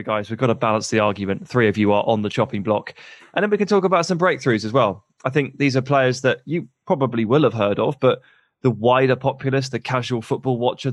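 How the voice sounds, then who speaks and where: A man from England co-hosts a football podcast and lays out each segment in an organised way, with a few light jokes. His voice has a medium pitch, and the sound is dry and close. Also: dry recording. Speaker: podcast co-host. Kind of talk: casual football podcast chat.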